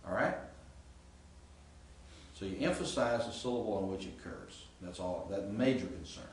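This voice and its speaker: A Greek professor talks a class through grammar in a casual, explanatory style, often pausing to check in. His fairly low voice has lively intonation at normal speed, and the distant mic captures an echoey classroom with faint hiss.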